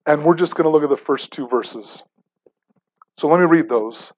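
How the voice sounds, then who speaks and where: A man's voice: on the high side, moderate pace, lo-fi sound. A man preaching a sermon in a conversational, emphatic way, often repeating words as he starts phrases. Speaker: pastor.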